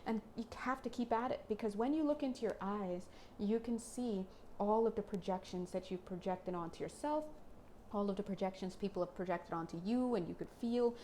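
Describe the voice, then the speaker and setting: A woman doing a casual spiritual card reading for viewers, chatty and excitable, often slipping into playful little voices. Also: mid-range voice, fairly quick, a little hiss or hum.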